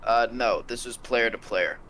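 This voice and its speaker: A man's voice: mid-range voice, expressive, moderate pace, fairly bright tone, slight background noise, low-quality recording. A man playing in a tabletop game, talking out of character in a blunt, casual way. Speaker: player.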